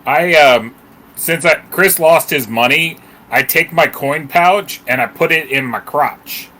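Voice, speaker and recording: A man's voice: fairly high pitch, measured pace, sharp tone. A man playing a tabletop game, joking and playful in casual chat. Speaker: player.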